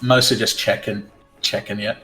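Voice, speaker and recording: A man casually chatting while reading a visual novel, with quick animated banter. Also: lowish voice, echoey room, faint music behind, rough recording. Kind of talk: casual chat.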